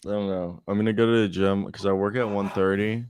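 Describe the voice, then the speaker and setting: A young man trades crude, profane jokes as a podcast co-host. His voice sits somewhat low. He talks in a loose, casual way. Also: steady tone, a little fast, darkish tone, clean tone, no echo, clean studio sound.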